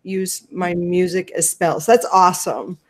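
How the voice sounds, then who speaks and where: A woman from the United States hosting a casual question-and-answer chat, rambling and relaxed. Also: on the low side, measured pace. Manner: rambling, lots of fillers, relaxed. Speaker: host.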